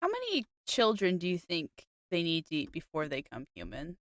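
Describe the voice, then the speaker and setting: A woman co-host chats casually, her talk peppered with "like". Her voice sits a bit low for a woman. The sound is dry and close, with no room around it. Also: huge pitch swings, fairly quick, no echo. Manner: chatty, full of "like" fillers. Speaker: podcast co-host. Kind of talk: casual chat.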